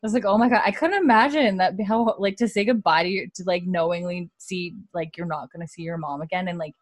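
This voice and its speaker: A young woman with a low voice runs through a TV episode in a loose, chatty recap, leaning hard on "like" and slipping into the characters' lines as she goes. The sound is close and dry, with no room to it. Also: fast, no room sound. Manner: chatty, heavy on "like" fillers, acts out the characters' lines. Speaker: podcast host.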